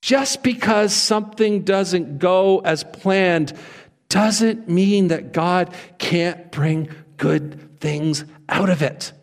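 A pastor delivers an unhurried sermon in a church, his voice sitting high for a man. He slips into little acted voices for comic effect. The hall rings with long reverb around him. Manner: animated, acts out quoted voices, conversational humor. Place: church sanctuary.

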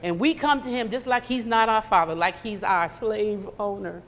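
A woman's voice: medium pitch, moderate pace. A woman delivers a conversational sermon, breaking into acted asides. Her voice sits in the middle of the range. It rings with the long reverb of a church hall. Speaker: preacher. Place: church sanctuary.

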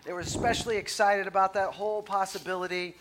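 A man's voice: high-pitched, steady tone, fast, fairly bright tone. A man preaching on a church stage, flustered and breaking off into joking asides. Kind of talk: comic sermon challenge.

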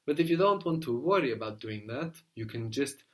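A man's voice: mid-range voice, expressive. Patient man teaching a language lesson. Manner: patient, explains slowly, repeats words for the student.

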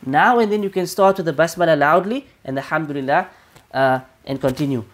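A woman teaching a lesson on Islamic prayer, explaining step by step, asking rhetorical questions and correcting herself often. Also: medium pitch. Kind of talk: religious lecture.

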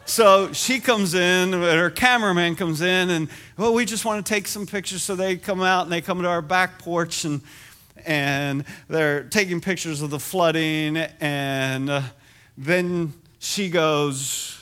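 Animated bright-voiced male pastor. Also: on the high side, normal speed. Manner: animated storytelling, self-deprecating. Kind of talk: sermon.

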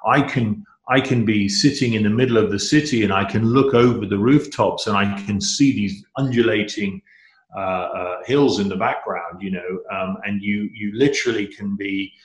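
A man's voice: on the low side, moderate pace. Rambling middle-aged man in an echoey room. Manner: rambling, restarts often, enthusiastic. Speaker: guest. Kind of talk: casual interview chat.

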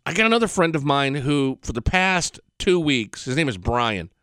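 Sarcastic male host, mid-pitched, gleeful and mocking, dead-dry recording. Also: big pitch swings, moderate pace, fairly bright tone, smooth, dry recording. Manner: profane, rambling with restarts. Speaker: political commentary host. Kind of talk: opinionated monologue.

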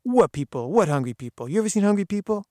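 A man's voice: on the high side, expressive, fairly quick, darkish tone, no room sound, clean studio sound, voice pushed up. A man voicing a stern, irritated man who guards a private estate and lectures trespassers in a threatening way. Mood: stern, scolding.

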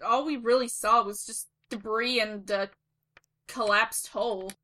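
Woman, tabletop player, high voice, bright, giggly. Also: fairly even intonation, a little slow. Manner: giggly, playful. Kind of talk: tabletop role-play chat.

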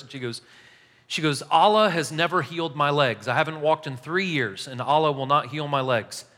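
Casual storytelling pastor, man, bright tone, somewhat high voice, long hall echo. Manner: casual, animated, laughs while telling stories. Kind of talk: sermon storytelling. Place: church hall. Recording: echoey hall.

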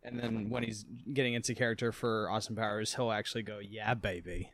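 A man's voice: lowish voice, flat delivery, fast talker, fairly bright tone, slight background noise. A man co-hosting a casual chat, chatty and laughing along.

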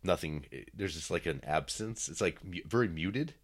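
A man's voice: low-pitched, expressive, normal speed, husky. A man co-hosting a podcast in casual chat, sounding stuffed up with a cold and making dry remarks. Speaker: podcast co-host. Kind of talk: casual chat over a video call.

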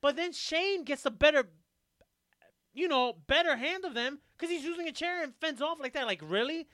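Male co-host, high and bright, dry close mic, emphatic and animated. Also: moderate pace, no room sound. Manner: animated, emphatic, swears freely. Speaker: podcast co-host. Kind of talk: casual wrestling chat.

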